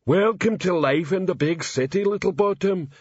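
Slow-witted male troll sergeant, proud and ungrammatical, voiced by a male reader; slightly dull, dry sound. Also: high voice, husky, no echo, voice pushed up. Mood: earnest.

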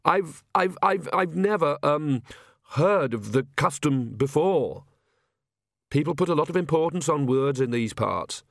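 A man's voice: on the high side, lively intonation, unhurried, gravelly, no echo, studio quality, pitched above the performer's own voice. A man voicing a nervous young male priest who stammers and apologizes. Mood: flustered.

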